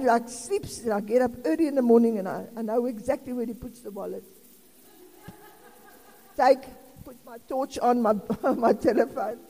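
A woman's voice: fairly high pitch, dark tone. A South African woman in her sixties preaching an informal sermon in a chatty, rambling way with laughing asides. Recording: long reverb of a hall.

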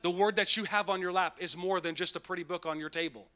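Bright, high-voiced man preaching a sermon. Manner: animated preaching, playful asides, emphatic slowed phrases. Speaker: pastor.

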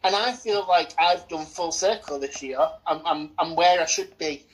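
A young woman co-hosting a relaxed film-review podcast, her voice sitting a little low. She talks in playful, theatrical boasts with casual swearing, drawing out her announcements. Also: moderate pace, husky, low-quality recording. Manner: theatrical, gloating banter, swears freely. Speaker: podcast co-host.

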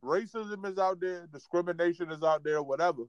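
Blunt, profane male co-host in his thirties, slightly high voice, dry close recording. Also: brisk, dry recording, muffled recording. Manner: blunt, profane, keeps it real. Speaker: podcast co-host. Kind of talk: casual chat.

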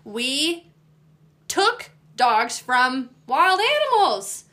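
A woman dog trainer hosting a casual chat, animated, swearing freely and acting out what dogs would say. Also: high voice, drawn-out words. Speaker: dog trainer and podcast host.

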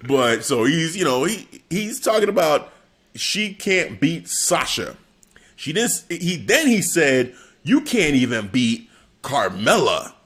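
Rambling man host with a lively voice. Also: a little high, a little slow, slightly rough. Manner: rambling, self-correcting, asks questions. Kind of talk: casual chat.

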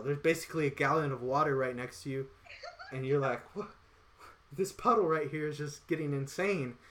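A man's voice: medium pitch, fairly bright tone. Rambling man acting out his own story. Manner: rambling, acts out quoted dialogue. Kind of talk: casual chat.

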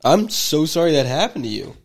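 A man's voice: on the high side, big pitch swings, brisk. A man co-hosting a casual podcast, reacting with exclamations and swearing in disbelief. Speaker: podcast co-host.

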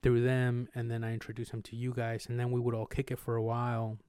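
A man's voice: medium pitch, completely flat delivery, fast talker, dark tone, clear, resonant tone, dry recording, clean studio sound. A young man co-hosting a podcast, telling rambling, slangy stories and acting out quotes with swearing. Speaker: podcast co-host. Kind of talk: casual storytelling chat.

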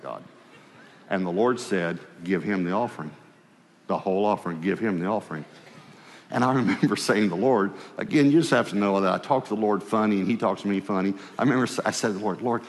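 A man preaching in a church hall with a long reverb trailing his words. His voice sits on the low side. He tells his story with lively acted-out exchanges and sinks into a quiet, low tone whenever he speaks as God. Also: slight background noise. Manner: animated storyteller, acts out dialogue, dropping low and quiet for God's voice. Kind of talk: sermon storytelling.

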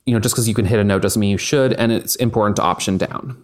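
A man's voice: fairly low pitch, quick pace. A young man co-hosting a casual podcast chat, rambling with lots of fillers and the odd swear. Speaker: podcast co-host.

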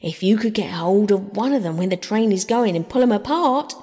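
A woman's voice: mid-range voice, a little fast, warm tone, long reverb tail, lightly acted. A woman voicing a good-natured working man, a railway porter, who talks in a folksy, rustic way in a storybook reading.

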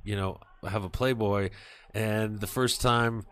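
Low-voiced man telling profane stories. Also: unhurried, clean tone. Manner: profane, animated storytelling. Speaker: podcast host. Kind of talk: casual chat.

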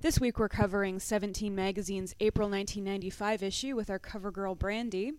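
A woman's voice: mid-range voice, fairly even intonation, fast talker, darkish tone, no echo. A young woman hosting a comedy podcast, opening the show with upbeat, crude, scripted jokes. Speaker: podcast host. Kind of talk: casual comedic podcast chat.

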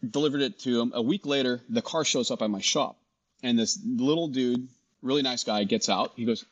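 A middle-aged man, a guest in a casual interview, telling his story with animated dialogue and frequent restarts. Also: medium pitch, fairly quick, dull audio. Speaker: guest, shop founder.

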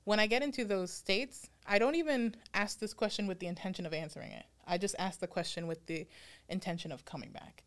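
A woman's voice: medium pitch, brisk. Reflective woman in casual podcast chat. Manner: reflective, laughs often, mimics her own inner voice. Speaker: podcast co-host.

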